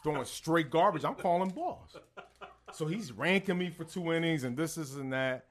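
A man in his thirties, co-hosting a podcast, telling a story in a casual, animated way and acting out the voices of the people he quotes. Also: fairly high pitch, normal speed. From born in Texas, Puerto Rican family. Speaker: podcast co-host.

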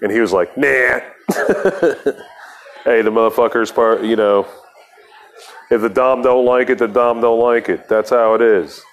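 A man's voice: mid-range voice, steady tone, a little slow, a little hiss or hum. A man hosting a podcast, telling a rambling, profane story in a casual monologue with laughs between lines. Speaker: podcast host.

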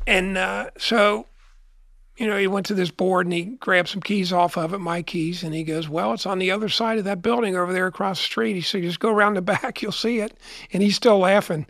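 A man's voice: sits high, fairly even intonation, brisk, vocal fry, fairly bright tone, no echo, studio quality. A middle-aged man telling a long story in a rambling way, repeating and restarting his words as an interview guest.

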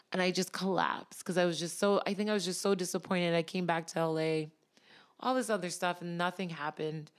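A woman guest on a podcast, telling a personal story in a tearful, halting way and laughing through the emotion. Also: lowish voice.

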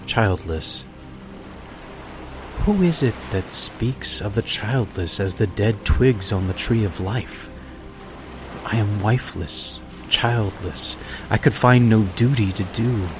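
A worn-out, sleepless stranger, as a man reads him aloud talks slowly and broodingly. The voice is low and tired. Music plays behind. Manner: slow, weary, brooding speech. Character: weary, sleepless, despairing grown man.

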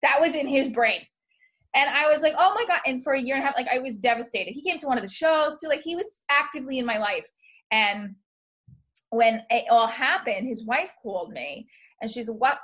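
A woman's voice: sits high, fairly quick. A woman hosting a podcast, telling a story in casual comedic chat and acting out what people said. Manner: animated storytelling, acts out quotes. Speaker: podcast host.

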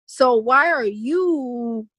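A woman's voice: on the high side, extremely slow, fairly bright tone, no echo. A woman speaking as a podcast guest in casual conversation, emphatic and goofy, often breaking into laughter.

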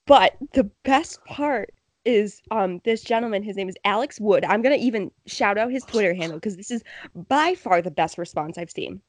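A woman's voice: medium pitch, animated, moderate pace, no room sound. A woman co-hosting a casual sports podcast, chatty and laughing often. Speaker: podcast co-host.

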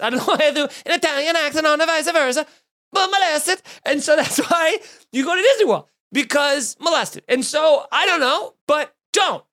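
A man's voice: very high-pitched, pushed and bright. A man hosting a comedy podcast, ranting in a sarcastic, crude, mock-outraged way. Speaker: podcast host.

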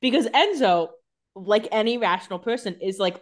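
Woman, podcast co-host, animated chat, lively pitch, acts out characters. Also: normal speed. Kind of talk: casual episode recap.

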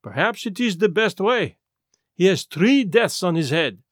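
A man voicing a small, fussy, self-assured male detective who speaks gently and in a measured, lecturing way. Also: sits high, very animated, no echo, clean studio sound, heavily acted. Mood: grave.

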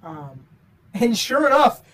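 A young woman co-hosts a casual student podcast, telling a story animatedly and swearing a lot. Her voice is a little high and fairly bright, very animated yet slow-paced, and she sounds distant from the mic.

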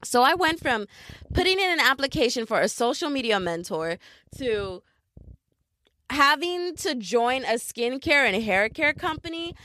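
A young woman hosting a podcast, telling a story in a casual, animated way and mocking other people in impressions. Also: high voice, a little slow. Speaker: podcast host. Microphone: podcast mic.

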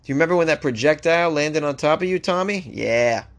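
A man voicing a teasing male firefighter in a loud, sing-song mock accent, ribbing a workmate. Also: fairly high pitch, a little fast, creaky, pitched above the performer's own voice. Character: teasing middle-aged male firefighter, joking with mates.

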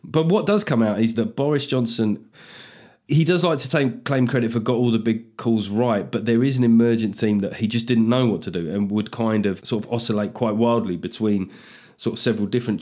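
A man's voice: fairly low pitch, darkish tone. Sardonic man riffing. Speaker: comedian podcast host. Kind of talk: comic monologue.

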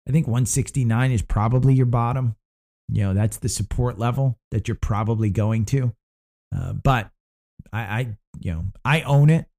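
Casting: American male market-show host, mellow tone, loose off-the-cuff delivery full of "uh"s and restarts. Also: medium pitch. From United States. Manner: rambling, frequent fillers and restarts. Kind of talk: casual market commentary.

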